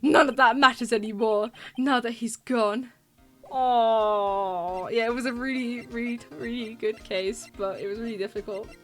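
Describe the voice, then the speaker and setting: A woman's voice: a little high, measured pace, faint music behind. A woman from the UK streaming a game playthrough, reading the dialogue aloud and reacting with lots of laughter. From United Kingdom. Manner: excitable, laughs often, voices characters.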